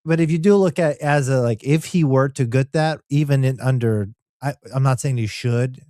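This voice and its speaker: A man's voice: mid-range voice, normal speed, warm tone, dry recording, studio quality. Easygoing man in casual podcast chat. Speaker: podcast co-host.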